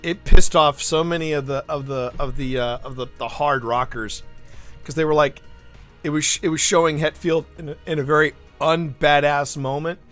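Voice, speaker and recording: A man's voice: on the high side, normal speed, soft background music. A man streaming live, chatting casually and telling stories with lots of restarts and asides. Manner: animated storyteller, rambling with restarts. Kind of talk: casual livestream chat.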